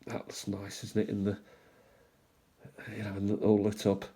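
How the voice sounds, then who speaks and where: A man hosting a stamp collecting channel, musing aloud in an unhurried way as he shows stamps one by one, with small asides. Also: fairly low pitch, monotone, dark tone, breathy edge. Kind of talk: casual show-and-tell commentary.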